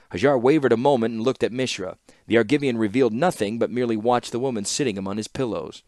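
A man's voice: medium pitch, fast talker, few pauses, a little mellow, no echo. Man narrating an audiobook, dry close sound. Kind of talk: audiobook-style reading.

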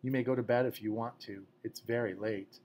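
A man playing a calm mother, steady, quick-witted, average pitch, storybook reading. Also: a little hiss or hum, lightly acted. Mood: hushed.

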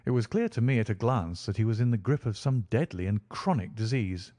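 A man reading an audiobook in steady, deliberate scripted narration. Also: lowish voice.

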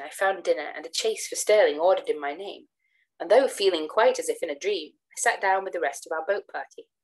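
A woman giving a dramatic reading of a classic tale, acting out the dialogue with shifts of pitch. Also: poor audio. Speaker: reader of gothic tales.

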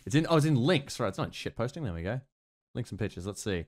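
An Australian man giving casual, sweary gameplay commentary with sudden shouted outbursts. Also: medium pitch, sing-song, quick pace. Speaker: gaming streamer.

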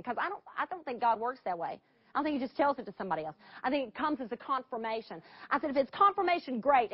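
A woman's voice: sits high, no echo, lo-fi sound. A middle-aged woman, telling an emotional story dramatically to an audience and speaking straight to them.

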